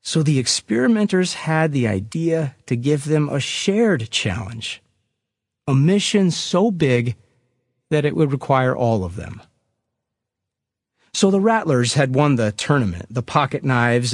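A man preaching a sermon, telling a story with an animated storyteller's delivery that swells at dramatic moments. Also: a little high, no room sound, studio quality.

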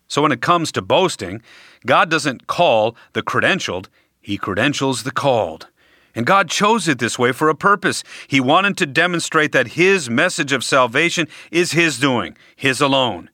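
A man preaching a sermon, speaking deliberately and emphatically with dramatic pauses. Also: mid-range voice, animated, pushed and bright, no room sound, clean studio sound.

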